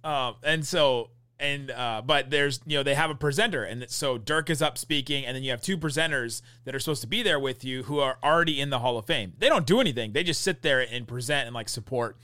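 A man's voice: medium pitch, sharp tone, no room sound. A man co-hosting a podcast in casual chat, teasing his partner and laughing easily. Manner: teasing, quick to laugh, ribs his co-host. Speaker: podcast co-host. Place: event venue, recorded live on site.

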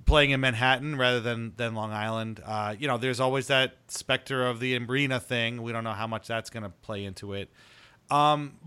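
A man's voice: mid-range voice, sharp tone, clean tone. A man hosting a casual sports podcast, talking loosely with lots of fillers and little laughs. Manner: conversational, filler-heavy, laughs while talking. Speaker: podcast host.

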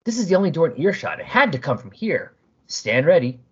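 A brisk soldier reporting in clipped military phrases, as a man puts him on. The voice is raised and husky on a dull recording. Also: on the high side, big pitch swings, fairly bright tone, pitched above the performer's own voice, heavily acted. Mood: alert. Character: brisk male soldier officer.

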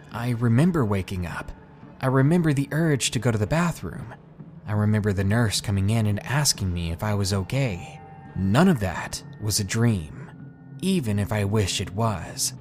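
A man hosting a podcast, narrating a scary first-person story in a hushed, suspenseful way. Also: on the low side. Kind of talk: scripted horror story narration.

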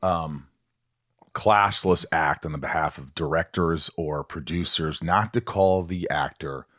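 A man hosting a podcast, chatting casually and telling stories with animated delivery. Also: rumbling low, unhurried, no room sound, studio quality. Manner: animated storyteller, acts out quotes. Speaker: podcast host. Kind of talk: casual interview chat.

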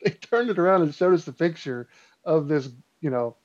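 A man's voice: fairly high pitch, normal speed. Rambling man telling a story, lo-fi. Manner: rambling, relaxed storyteller with many fillers. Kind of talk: casual storytelling chat. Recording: dull lo-fi sound.

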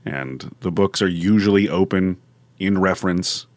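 Low-voiced man playing a tabletop game. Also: unhurried, no room sound. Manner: joking, narrates his character's actions. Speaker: player. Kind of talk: casual tabletop game play.

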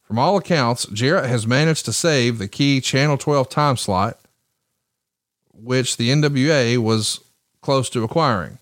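A man co-hosting a podcast, walking through business history in a measured, explanatory way. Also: mid-range voice, no echo, clean studio sound. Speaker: podcast co-host. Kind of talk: podcast storytelling, reading notes.

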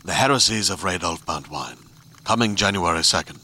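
Deep-voiced man narrating an ominous trailer. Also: expressive, fairly quick, sharp tone, a little hiss or hum. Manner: solemn, ominous delivery.

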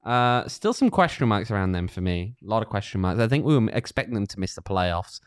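Lively, chatty male soccer podcaster. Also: lowish voice, a little fast, clear, resonant tone. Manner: chatty, lively, dry sarcasm. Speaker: podcast co-host. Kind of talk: casual soccer preview chat.

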